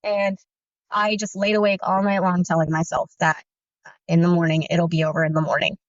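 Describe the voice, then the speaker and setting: A woman's voice: fairly low pitch, little pitch movement, a little fast, dry recording. A woman in her thirties telling her own story in an earnest, intense first-person account of fear, remembered in vivid detail. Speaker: guest sharing her story. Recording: dull, dry lo-fi audio.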